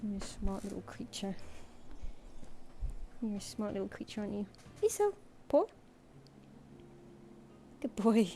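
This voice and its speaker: A British woman chats loosely on a home live stream, with a mellow, soft-edged tone. She coos at her cat and gives it little commands between asides to her viewers. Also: mid-range voice, fairly even intonation, measured pace, pauses often, slight background noise. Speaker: artist streamer. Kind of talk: casual live-stream chat. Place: home room.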